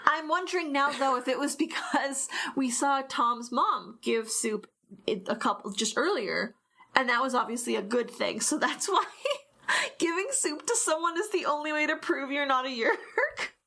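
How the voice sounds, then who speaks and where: A woman's voice: high-pitched, moderate pace, creaky, sharp tone. A woman co-hosting a casual podcast, giggling and indignant as she talks over a TV episode. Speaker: podcast co-host. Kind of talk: casual chat about a TV episode.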